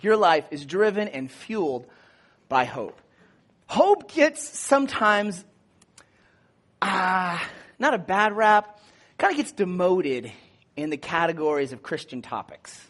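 A man with a high, light voice preaches in a loose, conversational way. He is lively and animated, full of "like" and "you know", and he jumps into a higher shout whenever he acts out a scene. He sounds like a pastor telling a story to his congregation. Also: slow, pauses often. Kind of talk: casual sermon with personal story.

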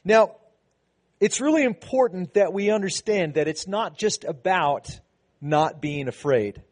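Conversational preaching man, slightly high voice. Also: lively intonation, measured pace. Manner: conversational preaching with frequent restarts, building to emphatic passages. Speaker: pastor. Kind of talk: sermon.

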